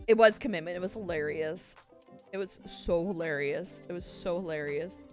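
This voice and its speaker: A woman's voice: lowish voice, moderate pace, soft background music. A woman streamer chatting casually with her viewers, rambling and laughing often at herself. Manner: giggly, rambling, self-mocking. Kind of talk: casual live-stream chat.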